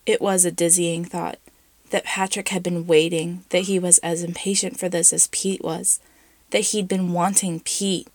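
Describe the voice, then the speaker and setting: A woman narrates a story in a measured, hushed way. Her voice sits low and carries a gravelly fry. The sound is close and dry, with no room around it. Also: little pitch movement, no room sound. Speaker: reader. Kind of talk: reading a story aloud.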